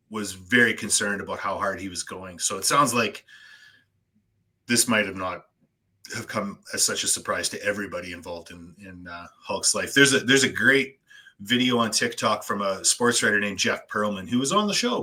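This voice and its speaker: Brief: male podcast host, husky voice, ranting storyteller with quick impressions. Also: fairly low pitch, pushed and bright. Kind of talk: casual chat.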